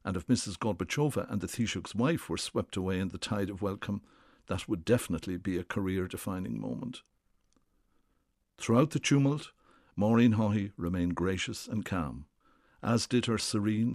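A man with a very low voice reads a personal radio essay at a measured, storytelling pace. The studio sound is dry and close. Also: lively intonation, a little mellow, no room sound. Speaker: essayist reading a radio piece.

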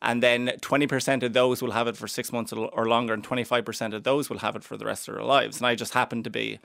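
Brief: young Irish stand-up, Cavan accent, stammers, gravelly and dry-sounding close mic, deadpan self-mockery. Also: male voice, medium pitch, fast talker, dry recording. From Ireland (Cavan). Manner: dry, self-mocking humour. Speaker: stand-up comedian, guest. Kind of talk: radio interview chat.

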